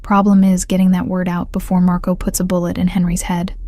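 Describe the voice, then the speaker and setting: A woman reading the lines of a rough, hulking male mafia enforcer, terse and gruff. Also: lowish voice, monotone, brisk, warm tone, dry recording, close to an everyday voice.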